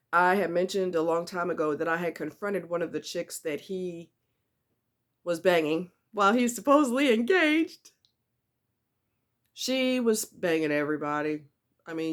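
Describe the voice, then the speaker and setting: A woman telling a personal story in a casual vlog, blunt and emphatic, repeating herself for stress and speaking straight to the viewer. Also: lowish voice. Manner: candid and conversational, with asides to the viewer.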